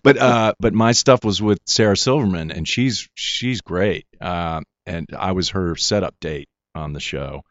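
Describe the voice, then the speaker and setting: Deep-voiced man, halting and muffled. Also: a bit bright, no room sound. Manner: halting, many restarts and fillers. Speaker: actor guest. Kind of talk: casual interview chat.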